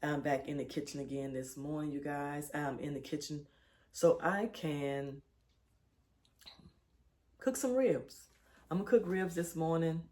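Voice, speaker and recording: A woman in her sixties with a soft, low way of talking, chatting casually as she cooks in her home kitchen, recorded on a phone. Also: a little slow, pauses often. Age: 60s. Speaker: cooking vlogger. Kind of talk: casual chat while cooking.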